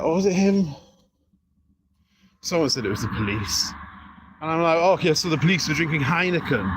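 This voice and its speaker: A man talks to his livestream from outside an apartment block, his voice caught on a handheld phone. He rambles in a mid-pitched voice, circling back to repeat the same points insistently and restarting his sentences. A faint hiss of street ambience sits behind him. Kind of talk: casual livestream chat. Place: outdoors beside an apartment building.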